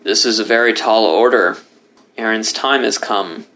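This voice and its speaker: A man voicing a gentle, somber male lion in a calm, even tone. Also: fairly low pitch, normal speed. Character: solemn male lion come to take a dying friend.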